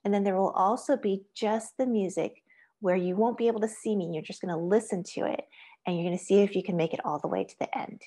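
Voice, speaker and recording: A woman's voice: medium pitch, fast talker, dark tone. A woman teaching an online music lesson, giving patient step-by-step instructions and chanting rhythm syllables and counts. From Asia.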